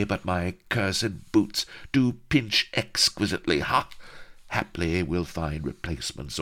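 A man's voice: rumbling low, a bit bright, exaggerated voice. A man voicing a boastful, swaggering pirate captain who blusters in archaic swashbuckling speech.

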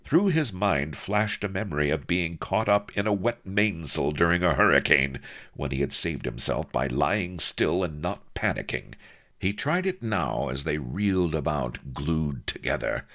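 A man reads a story aloud in a wry, lively way. His voice is extremely deep and gravelly, and his pitch swings widely through each sentence. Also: a little slow. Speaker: narrator. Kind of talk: dramatic audiobook reading.

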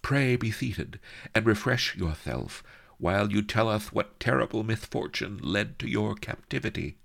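A man's voice: lowish voice, lively intonation, a little slow, gravelly, fairly bright tone, voice pushed up, exaggerated voice. A man voicing a huge, armored, paranoid viceroy villain who blares orders and turns oily and lisping, with a flavor. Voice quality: blaring, then lisping and oily.

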